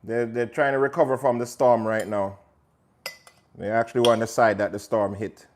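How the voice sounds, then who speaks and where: A man's voice: medium pitch, steady tone, moderate pace, a little hiss or hum. A man hosting a live cooking stream, chatting to viewers while he cooks and slipping into patois now and then. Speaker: cooking show host. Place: home kitchen.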